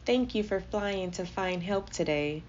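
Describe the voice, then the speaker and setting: A woman voicing a gentle, loving mother elephant in a storybook, speaking softly and tenderly. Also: mid-range voice, expressive, unhurried, slight background noise, natural voice. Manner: soft and tender. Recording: slightly dull lo-fi audio.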